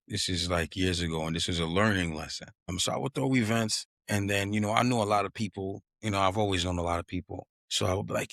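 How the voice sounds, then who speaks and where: Podcast host, young New man, low voice, dry close mic, animated storyteller. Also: quick pace, vocal fry, hardly any pauses, no echo. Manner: animated, acts out quotes in a raised voice, drops "yo" and "you know what I mean". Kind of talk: casual storytelling chat.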